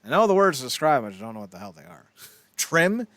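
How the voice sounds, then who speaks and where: A man's voice: on the high side, big pitch swings, fast talker, fairly bright tone, dry recording. Rambling profane wrestling podcast guy. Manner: rambling, profane, self-mocking asides. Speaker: podcast co-host. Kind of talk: casual wrestling news chat.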